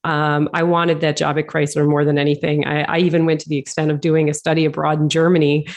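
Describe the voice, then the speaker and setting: A woman's voice: low voice, flat delivery, quick pace. A middle-aged woman from Detroit, a leadership consultant, giving good-humoured answers as a podcast guest and thinking aloud. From Detroit, Michigan. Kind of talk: casual interview answers.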